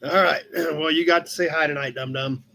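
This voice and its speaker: Chatty high-voiced man hosting a live chat. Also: fairly even intonation, brisk, bright, forceful tone, a little hiss or hum. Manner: rambling, chatty, talks to his cat between comments. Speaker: livestream host. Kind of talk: casual live chat reading a car magazine. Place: his shop office.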